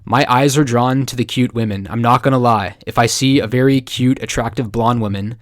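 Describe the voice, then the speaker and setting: A man from Canada hosting a casual marketing tutorial, chatty and excitable, breaking into jokes and acted-out quotes. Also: medium pitch, a little fast, no room sound, clean studio sound. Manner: chatty, excitable, joking asides, acts out quoted voices. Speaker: marketing video host. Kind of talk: casual talking-head tutorial.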